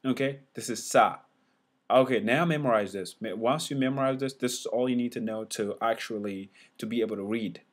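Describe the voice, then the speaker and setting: A man teaching a casual whiteboard lesson, sounding letters out loud again and again with many fillers and restarts. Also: mid-range voice, a little fast.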